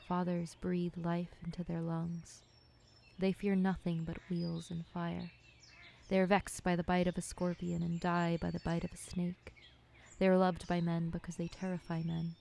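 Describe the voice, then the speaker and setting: Hushed, mellow woman narrating poetry. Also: fairly low pitch, creaky, a little hiss or hum. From United States. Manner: slow, measured, hushed, with occasional whispers. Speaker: filmmaker narrating her own work. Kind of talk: poetic scripted narration.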